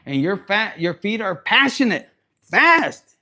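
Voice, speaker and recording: A man's voice: sits high, very animated, slow pace, bright, forceful tone. A man giving a loose, profane tarot reading, mixing Spanish into his talk. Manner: profane, rowdy, slips into Spanish. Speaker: tarot reader.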